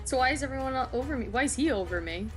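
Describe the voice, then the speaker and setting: A woman's voice: high voice, lively intonation, very fast, echoey room, music in the background, pitched above the performer's own voice. A woman playing a dazed young adventurer.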